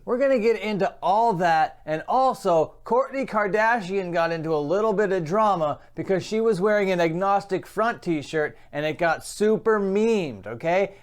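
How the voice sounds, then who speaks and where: A man's voice: high voice, clear, resonant tone. A young man hosting his own commentary vlog, talking casually in a sarcastic, mocking tone and laughing often. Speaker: channel host.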